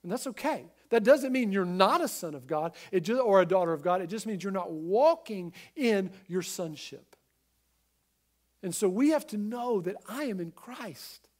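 A man with a notably high speaking voice delivers a sermon as a pastor. He is earnest and emphatic and speaks directly to listeners at home, dropping soft and then building loud again. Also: lively intonation, moderate pace. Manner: earnest, emphatic preaching with swings in loudness.

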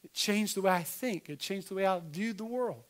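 A middle-aged man preaching a sermon as pastor, animated and emphatic, with conversational asides to the congregation. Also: sits high, normal speed.

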